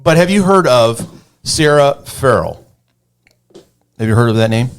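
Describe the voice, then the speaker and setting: A man's voice: medium pitch, lively intonation, measured pace. A man from Northern Michigan co-hosting a podcast, chatting casually with many fillers and restarts. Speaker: podcast co-host. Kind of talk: casual chat.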